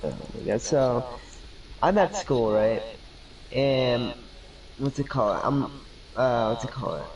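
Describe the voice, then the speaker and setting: A man's voice: mid-range voice, animated, takes it slowly, darkish tone, distant mic, muffled recording, slight background noise. A young man telling a rambling story over voice chat while gaming, laughing often and acting out the lines of the people in it.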